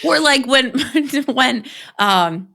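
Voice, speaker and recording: A young woman co-hosting a fantasy football podcast, animated and giggly, slipping into silly voices as she jokes. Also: high voice, drawn-out words, gravelly. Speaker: podcast co-host. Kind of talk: casual chat.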